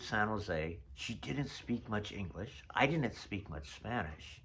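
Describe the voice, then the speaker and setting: A man's voice: on the low side, animated, takes it slowly, fairly bright tone. A man in his sixties telling rambling, chatty stories about old notes from his past. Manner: chatty storyteller, drifts off mid-thought. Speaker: vlogger. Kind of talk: casual reminiscing vlog.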